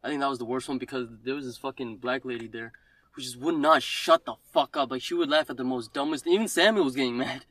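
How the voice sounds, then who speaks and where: Young guy, fast blunt opinions, mid pitch, cussing casual chat. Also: a bit bright, no room sound. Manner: blunt, opinionated, swears a lot. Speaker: friend chatting about movies.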